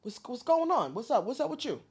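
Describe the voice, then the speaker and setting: A woman's voice: fairly high pitch, very animated, fairly quick, darkish tone, slightly rough, voice pushed up, exaggerated voice. A woman putting on the voice of a pushy, friendly man at a comedy club who coaxes her to audition. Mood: coaxing.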